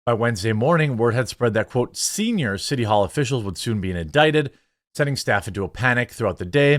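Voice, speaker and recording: Man, political commentary host, reads the news aloud, sarcastic asides, mid-pitched voice, dry close sound. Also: animated, a little fast, dry recording. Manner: sarcastic, opinionated asides between quoted passages.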